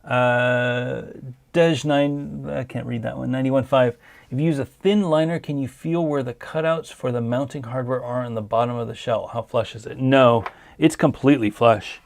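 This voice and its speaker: Tired guy hosting a stream q&a, gravelly voice, lots of ums, voice wearing out. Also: medium pitch, fairly even intonation, moderate pace. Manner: easygoing, hesitant with many ums. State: tired, losing his voice. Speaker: host answering viewer questions. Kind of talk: casual livestream Q&A.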